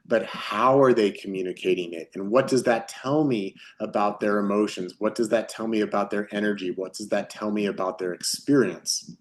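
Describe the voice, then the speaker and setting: Guy with a low voice running a training webinar, lots of questions back to back. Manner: asks long strings of rhetorical questions. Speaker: webinar presenter. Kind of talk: explaining a training course. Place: at a desk with a pen in hand.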